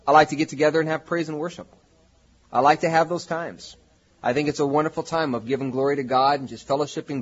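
A man's voice: fairly high pitch, slightly rough, dull audio. A man preaching a sermon as pastor, in a conversational way that rises to emphatic peaks.

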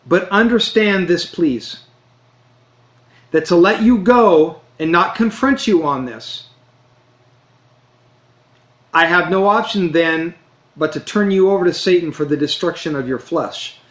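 High-voiced earnest preacher in a roomy hall. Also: male voice, a bit bright. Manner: earnest, emphatic, slows down to stress key phrases. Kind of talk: sermon. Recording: roomy echo.

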